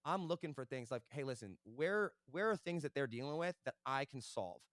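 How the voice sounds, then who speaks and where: A young man, a podcast guest, telling business stories in a casual interview, animated and fast, often tagging on "right?". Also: medium pitch, no echo, studio quality.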